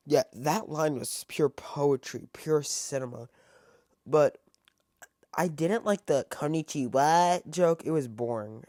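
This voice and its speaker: A man giving a casual spoken film review, halting and full of fillers and restarts. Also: medium pitch, a little mellow, dry recording, clean studio sound. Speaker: movie reviewer.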